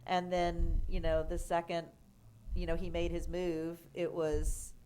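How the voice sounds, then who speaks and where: Lower-voiced woman telling a rambling story. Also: unhurried, a little hiss or hum. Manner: animated, filler-heavy storytelling with frequent "like" and "you know". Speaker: comedian guest. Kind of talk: casual storytelling interview.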